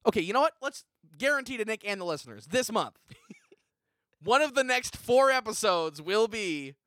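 A man co-hosting a comedy podcast, rambling through deadpan jokes with frequent restarts. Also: high-pitched, normal speed. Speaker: podcast co-host.

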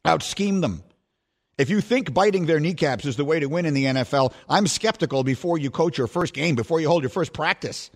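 A man's voice: fairly high pitch, expressive, a little fast. A male sports radio host delivering emphatic, scornful commentary.

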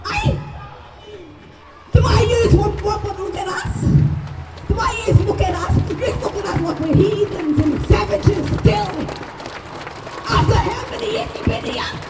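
An Australian woman, a mother, giving a raw and emotional speech at a public gathering. She shouts and swears freely. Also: very high-pitched, unhurried, pauses often, loud music behind the voice. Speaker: mother speaking at a rally. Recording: echoey, far from mic, crowd noise.

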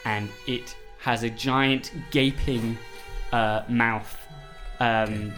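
Slow, hesitant male game master. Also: medium pitch, steady tone, fairly bright tone, faint music behind. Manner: unhurried, hesitant, many "um"s. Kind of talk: narrating a tabletop game.

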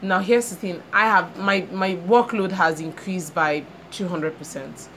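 A woman's voice: on the low side, fairly even intonation, measured pace, a bit bright. A woman co-hosting a chat show, telling a story with animation and acting out the people she quotes. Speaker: podcast co-host. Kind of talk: casual chat. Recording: faint background noise.

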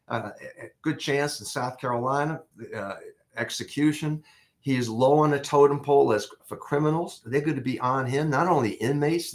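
An older man, a former investigator, telling a case story in an interview, with many restarts and lively rises in pitch.

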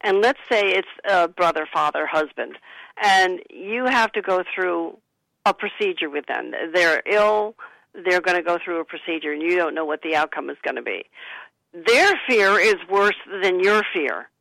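An author talking about her book, coaching listeners gently and acting out soothing sample replies. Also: medium pitch, lively intonation, moderate pace, gravelly, no room sound, low-quality recording. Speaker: author and guest. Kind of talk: conversational advice talk.

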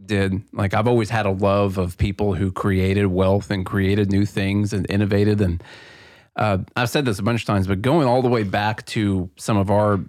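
A man co-hosting a podcast in casual chat, easygoing and quick to laugh along. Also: fairly low pitch, level tone, darkish tone, no room sound, studio quality. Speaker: podcast co-host.

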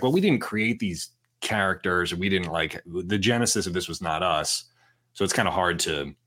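A very deep-voiced man hosts a podcast in loose, rambling chat, filling his talk with "like". His tone is bright and forceful despite the low pitch. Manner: rambling, heavy use of "like". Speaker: podcast host. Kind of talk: casual chat.

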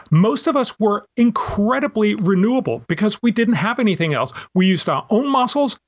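A man's voice: sits high, lo-fi sound. A man, an author and guest, explaining his view at length with examples and imagined quotes in an interview. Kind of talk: interview answer.

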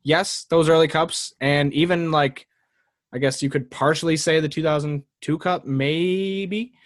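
A man hosting a casual sports podcast, talking in an animated way with frequent laughs and mock impressions. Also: on the high side, a little slow. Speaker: podcast host.

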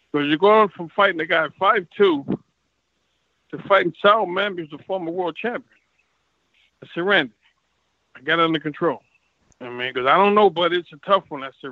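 A man's voice: on the high side, fairly quick, pauses often, dry recording, dull audio. A man, a former professional boxer, telling stories from his career in a casual interview and acting out the exchanges he quotes. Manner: animated, acts out quoted exchanges. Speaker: retired boxer, guest.

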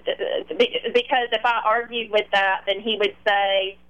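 A woman guest telling a long personal story in an interview, animated and acting out quoted dialogue. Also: mid-range voice, normal speed, dull audio. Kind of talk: recounting a past relationship in an interview.

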